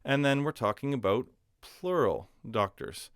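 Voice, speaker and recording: A man's voice: mid-range voice, lively intonation, unhurried, clear, resonant tone, dry recording, clean studio sound. A man explaining a language lesson in a patient, step-by-step way, with frequent fillers. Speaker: language teacher.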